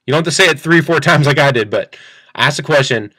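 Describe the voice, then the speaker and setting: A man teaching a sales pitch in an upbeat, repetitive way, acting out both sides of a phone call. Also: quick pace, pushed and bright, no room sound. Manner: upbeat, repeats phrases, acts out phone dialogue. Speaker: sales coach. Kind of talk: screen-share training talk.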